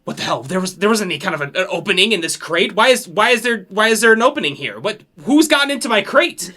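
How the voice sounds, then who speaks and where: A man's voice: medium pitch, moderate pace, pushed and bright. A man voicing a flustered male pirate who stammers as he frets over his cargo. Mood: frantic.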